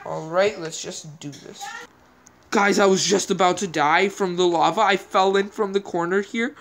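A woman talks through her gameplay in a loose, rambling way, thinking aloud as she goes. Her voice sits at a middling pitch, and she keeps it casual. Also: moderate pace, a little hiss or hum. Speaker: gameplay video host.

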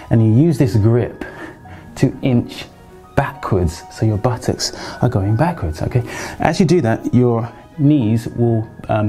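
A man calmly guiding viewers through floor stretches as a fitness instructor, often checking in with "okay?" as he goes. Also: medium pitch. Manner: calm and reassuring, frequent "okay?" check-ins. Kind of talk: exercise instruction.

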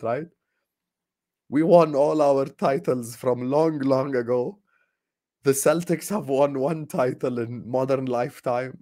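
A young man chats to his audience in a loose, ranting way. He sounds sarcastic and fed up, laughs now and then, and sighs as he trails off. His voice sits in a middle pitch. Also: mellow. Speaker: football fan vlogger. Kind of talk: casual ranting chat to viewers.

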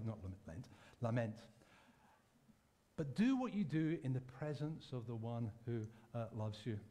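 A man preaching a sermon in a church, speaking conversationally and reflectively, pausing to correct himself and add asides. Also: medium pitch, a little mellow. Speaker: pastor.

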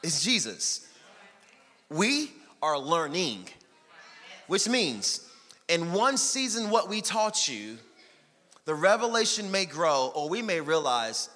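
A man preaching a sermon as pastor, energetic and joking, with bursts of shouting. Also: a little high, slow, long pauses. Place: church sanctuary. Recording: long hall reverb.

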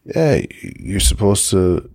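A man's voice: sits low, very animated, slow, creaky, darkish tone. A man hosting a podcast in casual chat, laid-back and full of fillers. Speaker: podcast host. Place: studio.

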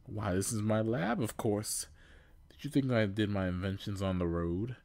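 A man's voice: on the low side, normal speed, a little mellow, no room sound, natural voice. A man voicing a doddering, fussy old male professor and inventor, in a quaint manner. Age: older.

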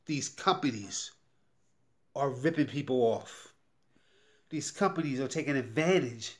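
A man giving an emotional, repetitive sales pitch straight to the viewer, pleading and getting heated. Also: expressive, a little slow, pauses often. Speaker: YouTuber promoting a tax service. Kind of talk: direct-to-camera sales pitch.

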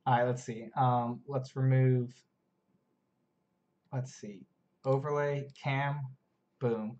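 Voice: mid-range voice, little pitch movement, slow, a little mellow, highs cut off. An esports caster giving detailed play-by-play analysis of a strategy match on a live stream, explaining unit mechanics while tinkering with stream overlays.

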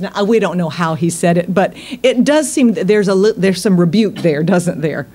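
A woman's voice: medium pitch, normal speed, hardly any pauses, a little mellow. A woman preacher giving a sermon, tired, with playful laughing asides and acted-out quotes.

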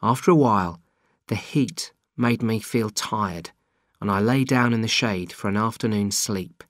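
A man narrating an audiobook in a plain, steady reading voice. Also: on the low side, a little slow, dry recording, studio quality. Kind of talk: scripted narration.

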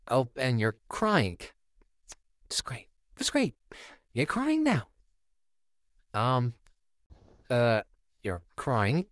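A performer acts out a male puppet neighbor babysitting a child, sarcastic and easily rattled, in a home-made fan audio drama. His pitch leaps all over the place while the delivery stays slow and drawn out. The recording is close and dry, made at home. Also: no echo. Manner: sarcastic, easily flustered, wildly swinging pitch.

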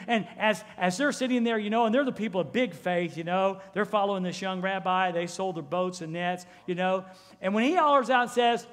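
Male pastor, high-pitched and animated, preaching in a reverberant sanctuary. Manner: animated preaching, acting out quoted voices. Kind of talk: sermon. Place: church sanctuary. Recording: church hall with long reverb.

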